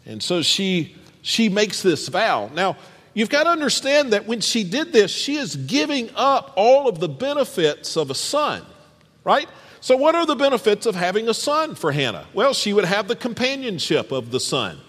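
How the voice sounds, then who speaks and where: A male pastor preaches in a fairly high voice that rises and falls widely. He reads scripture and addresses the congregation directly with animated energy. A long reverb from the church hall trails each phrase. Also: normal speed. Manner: animated, speaks straight to the congregation. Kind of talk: sermon with scripture reading.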